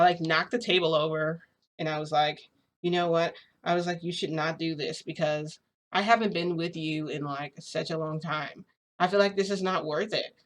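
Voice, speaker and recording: A young woman vlogger rambling casually through a personal story, full of filler words. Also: on the low side. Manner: chatty, rambling, frequent "like" fillers. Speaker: shifting vlogger.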